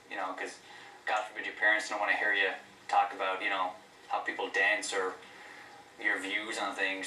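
Deadpan comic, very bright tone, echoey room. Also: male voice, deep voice, distant mic, slight background noise. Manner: dry, deadpan wit. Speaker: stand-up comedian. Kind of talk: stand-up set and interview.

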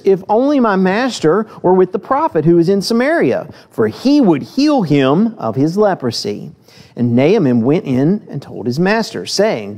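A man preaching a sermon in a church, reading scripture with lively acted voices and then talking plainly to the congregation with direct questions. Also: high voice. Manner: asks the listeners direct questions.

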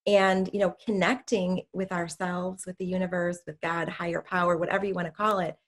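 A woman's voice: on the low side, little pitch movement, fairly quick. A middle-aged woman hosting a podcast, talking earnestly and repeating words as she builds her point. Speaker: podcast host. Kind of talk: casual interview chat.

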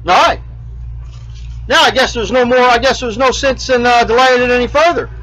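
A man's voice: extremely high pitch, fairly even intonation, a little fast, pushed and bright, poor audio. A man hosting a homemade RV show, chatting casually and telling a joke, with many fillers and restarts. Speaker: host of an RV show. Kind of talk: casual rambling chat.

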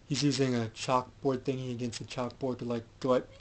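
A man's voice: mid-range voice, level tone, brisk, background noise. A man giving a casual, rambling recap of a film, with many fillers and restarts. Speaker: film reviewer.

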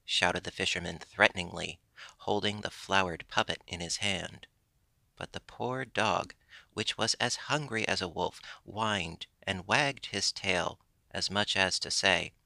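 A man narrates a classic storybook in a measured pace. His voice sits low with a gravelly texture and a bright, forward edge. The recording is close and dry. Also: no echo. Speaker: audiobook narrator. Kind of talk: scripted narration.

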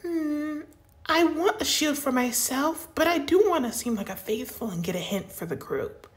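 A woman's voice: high-pitched, animated, normal speed, pitched above the performer's own voice. Woman voicing shrewd toy contestant Christina. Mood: scheming. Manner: scheming, conversational. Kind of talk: toy reality-show role-play.

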